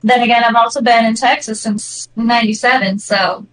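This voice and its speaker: A woman's voice: a little high, fairly even intonation, fairly bright tone, rough recording. A woman chatting casually on a livestream, jokey and talkative. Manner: chatty, jokey, acts out quick impressions. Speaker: guest on a livestream. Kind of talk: casual chat.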